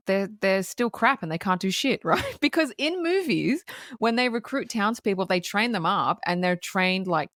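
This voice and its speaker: A woman's voice: mid-range voice, a bit bright, dry recording, studio quality. Laughing woman retelling film scenes. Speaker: podcast co-host. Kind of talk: casual film review chat.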